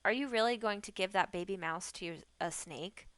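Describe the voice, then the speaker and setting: A woman's voice: mid-range voice, brisk, a bit bright, clear, resonant tone, no room sound, close to an everyday voice. A woman reading aloud, voicing an earnest, slightly uneasy young girl from a storybook.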